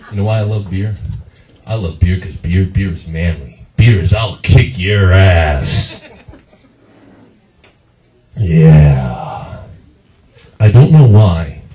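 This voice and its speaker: A young man from Las Vegas doing a stand-up comedy set in a comedy club, animated, slipping into high squealing voices for the people he quotes. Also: slow, pauses often, a little hiss or hum. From Las Vegas, Nevada. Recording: echoey club heard from a distance.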